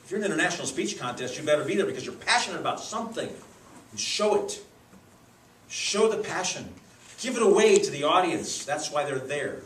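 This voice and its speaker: Lively man leading a judges' workshop. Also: a little high, a little fast, slight background noise. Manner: lively, demonstrative teaching with acted examples. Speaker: speech contest judges trainer. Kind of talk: workshop lesson. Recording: echoey room, mic far off.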